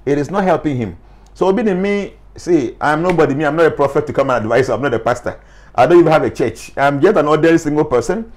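A man with a Ghanaian accent, speaking as a life coach in an animated interview and mixing English with Twi phrases. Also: fairly high pitch, fast talker.

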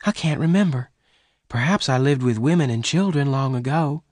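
Brief: a man doing a tender young frontier woman, voice pushed high, lively and pleading, storybook reading. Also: moderate pace, no echo, studio quality, lightly acted. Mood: wistful. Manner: raised, soft pleading voice. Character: gentle young woman, sad, loving.

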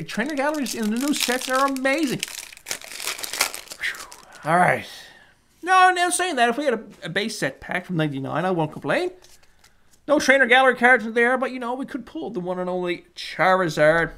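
A Canadian vlogger giving casual commentary while opening trading card packs, reading off card names and growing more excited on good pulls. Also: medium pitch. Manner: lively running play-by-play, lists card names.

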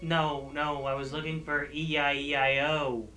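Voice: mid-range voice, flat delivery, unhurried, sharp tone, faint music behind. A gaming streamer giving jumpy, joking commentary on a horror game. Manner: jumpy, exclaiming, joking at the screen. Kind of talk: let's play commentary.

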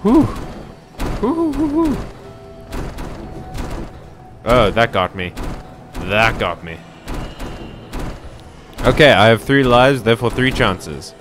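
A man casually commentating a game as he plays, reacting out loud and chatting to his viewers. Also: on the low side, big pitch swings, slow pace, pauses often, over music. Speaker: game streamer. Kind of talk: casual let's-play commentary.

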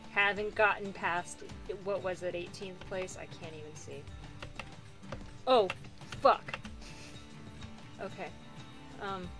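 A woman giving excitable, self-deprecating gameplay commentary and voice-over narration, swearing now and then. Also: mid-range voice. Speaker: gaming YouTuber.

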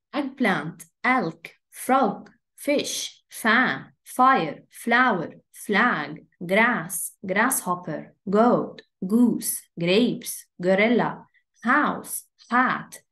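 Slow, deliberate woman teaching English. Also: medium pitch, pushed and bright. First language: Arabic. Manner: slow, deliberate drilling of words and letters. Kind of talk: online beginner English lesson.

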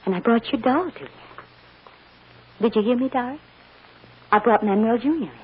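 A woman playing a devoted mother who softly soothes and coaxes her child, in 1940s radio acting on a dull old radio recording with hiss. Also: fairly high pitch, normal speed, slightly rough. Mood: soothing. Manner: soft, soothing, coaxing.

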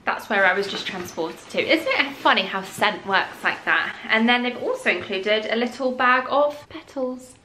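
Young woman, chatty vlogger voice, bright and forceful, echoey room. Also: fairly high pitch, lively intonation, normal speed, few pauses. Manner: chatty, drops to a whisper at times. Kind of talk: casual haul vlog chat. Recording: echoey room with faint noise.

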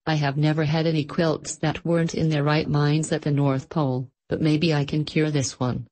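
A woman reading aloud, voicing an old male Santa Claus who speaks in a slow, commanding and hearty way. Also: deep voice, flat delivery, darkish tone.

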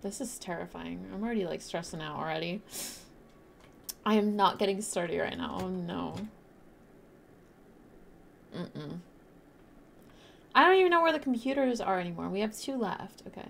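A young woman streaming a game live, chatting bubbly with her viewers and teammates and bursting into loud shrieks. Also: mid-range voice, animated, normal speed, creaky, pauses often, slight background noise. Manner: talks to chat and teammates while playing.

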